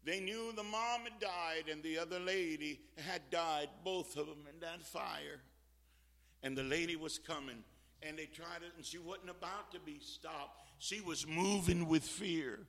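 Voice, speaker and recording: A man preaching a fervent sermon as a visiting preacher, swinging from shouts to quiet talk. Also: a little high, a little slow, big-room sound.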